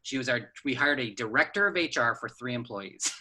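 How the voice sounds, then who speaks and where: An energetic man talking through a casual interview in a very bright, forceful voice at an ordinary middle pitch. He sounds upbeat and keeps the talk moving, often tossing in "you know" and "right?". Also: normal speed, breathy edge, rough recording. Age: adult with children. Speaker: business co-founder, podcast guest.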